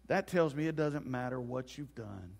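A man's voice: medium pitch, lively intonation, normal speed, creaky, darkish tone. A man preaching a sermon as pastor in a church, folksy and joking as he tells stories. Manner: folksy storytelling with jokes. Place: church sanctuary. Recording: long hall reverb.

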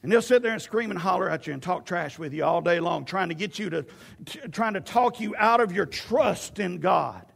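A man preaching a sermon, animated and storytelling, with stammered restarts. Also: high-pitched, normal speed, gravelly, husky, long reverb tail.

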